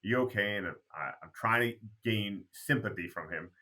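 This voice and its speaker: A man's voice: fairly low pitch, moderate pace. A man from Canada, a basketball program founder, telling stories in a casual interview and acting out remembered dialogue. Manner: animated storyteller who acts out remembered dialogue.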